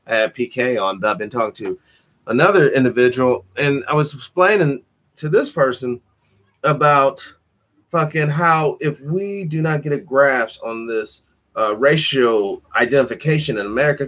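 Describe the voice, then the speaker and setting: Guy co-hosting a chill talk show, cusses a lot, does the voices when he tells a story. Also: medium pitch. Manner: animated storytelling, profane, acts out quotes. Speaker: podcast host. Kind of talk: casual chat.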